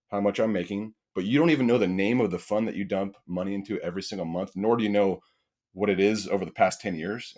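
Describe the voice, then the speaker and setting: A man who is a firefighter and property investor, chatting on a podcast as an animated storyteller who acts out quoted back-and-forth dialogue. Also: fairly low pitch. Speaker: firefighter and real estate investor. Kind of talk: casual podcast conversation.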